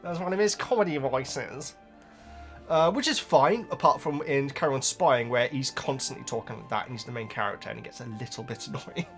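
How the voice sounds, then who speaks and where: A man's voice: mid-range voice, brisk, a bit bright, faint music behind. A man chatting casually on his own channel, rambling with many restarts between topics. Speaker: book reaction host. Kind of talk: casual chat while reading.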